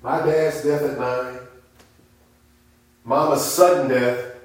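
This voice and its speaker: A middle-aged man preaching a sermon as pastor, emphatic and calling out amens, rising at times to shouts. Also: mid-range voice, fairly even intonation, takes it slowly. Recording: echoey room.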